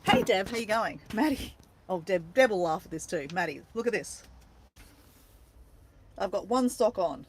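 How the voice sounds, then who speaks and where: A woman's voice: mid-range voice, expressive, fairly quick, slight background noise. An Australian woman chatting casually on a livestream from her camper van, playful and talkative as she greets viewers. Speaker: vlogger greeting live viewers.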